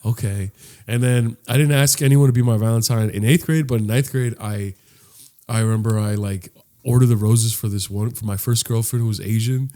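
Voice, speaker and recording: A young podcast co-host with a lowish voice talks briskly as he tells a funny childhood story. Animated and casual, he acts out the voices of the people in it.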